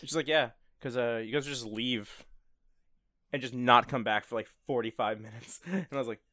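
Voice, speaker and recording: Young man, casual chat, rambling anecdotes with laughter, mid-pitched, dry close sound. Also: moderate pace, pushed and bright, no room sound. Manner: storytelling with laughs and swearing. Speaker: friend chatting.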